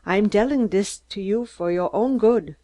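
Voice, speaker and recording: A woman's voice: mid-range voice, measured pace, mellow, lightly acted. A woman reading an audiobook, voicing a heavyset, unsmiling man who speaks broken English and makes threats. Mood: menacing. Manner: menacing, ungrammatical speech.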